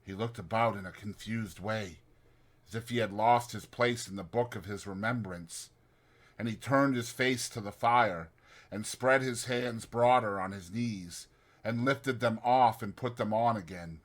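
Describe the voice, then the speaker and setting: A man reading an audiobook as its narrator, in quiet, measured narration. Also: fairly low pitch. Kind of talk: scripted narration.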